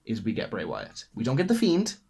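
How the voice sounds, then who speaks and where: A young man, hosting a wrestling podcast alone, gushing as an excitable fan. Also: medium pitch, brisk, creaky, husky. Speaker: podcast host. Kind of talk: solo wrestling podcast rundown.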